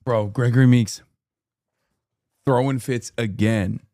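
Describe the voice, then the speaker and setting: A man's voice: medium pitch, steady tone, slow pace, warm tone, no echo. A man in his thirties from the United States, a streamer reacting to clips with sardonic, profane asides. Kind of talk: casual reaction commentary.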